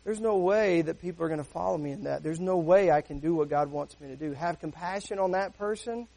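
A man with a high voice preaches a sermon in a relaxed, conversational way. He keeps asking his listeners rhetorical questions and slips into little acted-out voices as he makes his points. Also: brisk, gravelly. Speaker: pastor.

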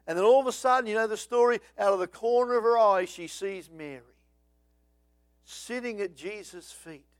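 A man with a high voice delivers a sermon in a dry, close recording. He swings between hushed asides and loud, dramatic bursts as he acts out the story. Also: normal speed, no echo. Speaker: preacher.

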